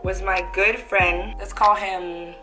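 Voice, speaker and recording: A woman's voice: medium pitch, fairly even intonation, takes it slowly, sharp tone. A young woman vlogger from Canada telling a personal story in a candid, chatty way while eating, with playful asides and the odd swear word. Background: background music.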